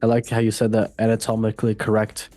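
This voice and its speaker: A man's voice: on the low side, completely flat delivery, fast, mellow, no room sound. A man hosting a casual football podcast, playful and goofy, joking at his own expense. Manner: goofy, playful, self-mocking. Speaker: host.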